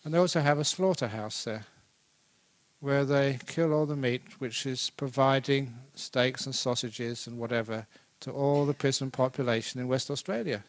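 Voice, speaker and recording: A monk telling stories in a dharma talk. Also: male voice, mid-range voice, normal speed. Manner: conversational, animated storytelling, acts out quoted voices. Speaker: Buddhist monk teacher.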